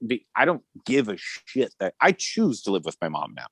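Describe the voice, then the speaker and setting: A man in his thirties tells a story on a casual podcast and acts out every quote. His pitch swings widely as he goes. The sound is close and dry. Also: normal speed, vocal fry, slightly rough, no room sound. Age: 30s. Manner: animated storyteller acting out quotes, swears freely. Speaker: podcast co-host.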